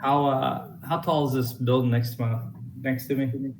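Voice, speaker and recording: A man's voice: mid-range voice, fairly even intonation, moderate pace, background noise. Male player asking rules questions. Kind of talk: tabletop game play.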